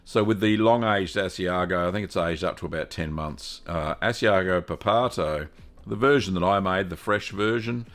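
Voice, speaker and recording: A man with an Australian accent hosting a live stream, greeting viewers one by one in a relaxed, chatty way. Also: deep voice, normal speed. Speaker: host of a cheese-making livestream. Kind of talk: casual live-stream chat.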